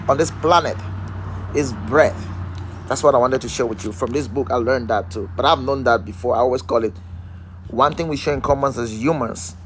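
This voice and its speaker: Hosting a motivational live stream, a man speaks with a fairly high voice, and the audio carries a faint hiss or hum. He keeps repeating rhetorical questions and calls out viewers by name.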